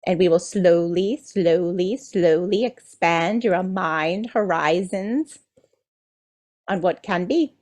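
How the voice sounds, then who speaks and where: A woman's voice: fairly low pitch, takes it slowly, a little mellow. A woman channeler delivering a spiritual message as a collective "we", playful and enthusiastic, often checking in with her listeners. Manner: teasing, checks in with "do you see?".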